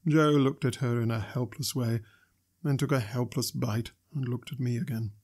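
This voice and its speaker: A man reading a classic novel aloud as narrator, in a measured, steady way. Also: mid-range voice. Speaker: audiobook narrator. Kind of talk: scripted narration.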